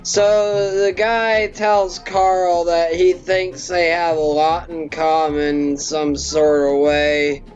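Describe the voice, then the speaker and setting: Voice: medium pitch, little pitch movement, slow pace, hardly any pauses, a little mellow. A drunk film reviewer rambling through a profane comic plot recap. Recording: dull lo-fi with faint music.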